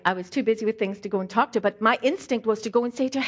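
A woman from Africa, giving a Bible teaching talk and telling a story with animated, acted-out asides. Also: a little high, rapid-fire, gravelly, muffled recording. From South Africa. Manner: animated storytelling, acting out her own thoughts. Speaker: speaker.

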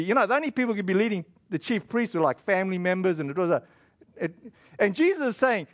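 A man, giving a casual, conversational sermon that retells a scripture story, with fillers and quick acted asides. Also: sits high, animated, no room sound. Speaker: preacher.

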